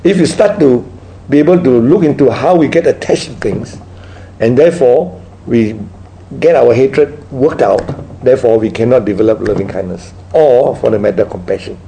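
A man leads a Buddhist dharma talk in an unhurried, storytelling way. He keeps checking in with his listeners. His voice is gravelly and mellow, with a faint hiss behind it. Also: mid-range voice, rough recording. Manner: tag questions like "right?" after nearly every point. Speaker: Buddhist teacher. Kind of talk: dharma talk with audience questions.

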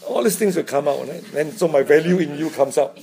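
A man's voice: a little high, a little fast, vocal fry, dark tone. A man giving an informal Buddhist dharma talk, chatty, chuckling often and checking in with "right?". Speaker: Buddhist teacher.

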